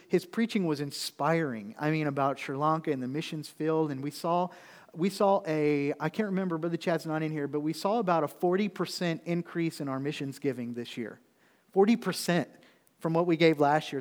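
A man's voice: a little high, long reverb tail. A man preaching a sermon as pastor, telling a story in a conversational, folksy way with frequent asides to the congregation. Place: church sanctuary.

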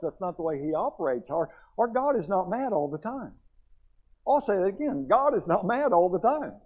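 A man preaching a sermon in a church, fervent, swinging between loud and quiet. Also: sits high, breathy edge, lo-fi sound. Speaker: pastor.

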